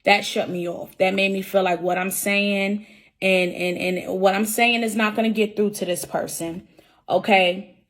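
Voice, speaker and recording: A mid-range, fairly even voice carries this young woman's unhurried account to camera of being suspended from work. Earnest and emotional, the employee restates her points again and again as she covers each one.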